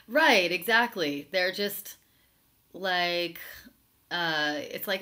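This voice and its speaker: A woman's voice: fairly low pitch, very slow, long pauses, sharp tone. A woman hosting a live show, reading viewer comments aloud and answering them in a sarcastic, chatty way. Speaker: talk show host reading live chat. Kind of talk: casual live-stream commentary.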